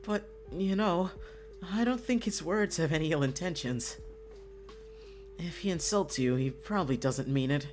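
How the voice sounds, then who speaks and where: Give me a kind, soothing young man read by a streamer from a visual novel, middle pitch, faint music underneath. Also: expressive, moderate pace, a little mellow, lightly acted. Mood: gentle. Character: gentle young man, soothing twin brother. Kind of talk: reading a visual novel aloud.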